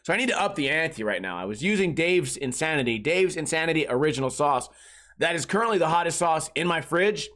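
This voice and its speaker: A man's voice: fairly high pitch, expressive, fairly quick, a bit bright. A man in his thirties hosting a casual comedic podcast, rambling crudely and filling his talk with filler words. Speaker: podcast host.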